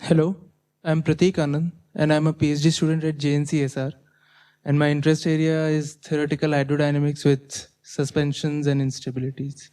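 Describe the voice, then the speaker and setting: Male PhD student, smooth flat delivery, matter-of-fact. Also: on the high side, a little fast. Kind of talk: self-introduction.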